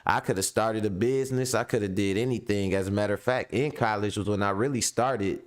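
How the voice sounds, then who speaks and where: Slangy, animated man telling stories. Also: fairly quick. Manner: slangy, animated storytelling, acts out voices in high pitch. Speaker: commentary show host. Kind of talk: casual commentary monologue.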